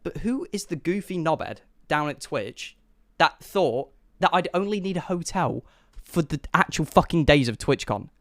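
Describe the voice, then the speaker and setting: A young man, a streamer telling an animated, sweary storytime to his chat and acting out the dialogue. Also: on the high side, normal speed. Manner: excitable, swearing, acts out dialogue.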